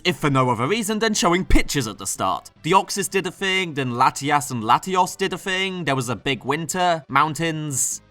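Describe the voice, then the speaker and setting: A man's voice: high voice, bright, forceful tone. A man reading a scripted comedic game review with a sarcastic, snarky manner.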